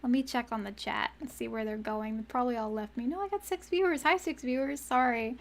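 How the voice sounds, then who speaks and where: A woman's voice: on the high side, brisk. A young woman streaming live, thinking aloud as she writes song lyrics, repeating phrases and trailing off as she searches for words. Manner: often laughs and trails off mid-thought. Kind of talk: casual live-stream chat.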